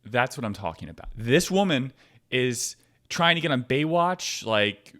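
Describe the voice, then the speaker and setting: Profane, animated ranting man. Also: a little slow. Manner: profane, sarcastic, swings between low mutter and loud outbursts. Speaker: podcast host. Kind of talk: ranting commentary.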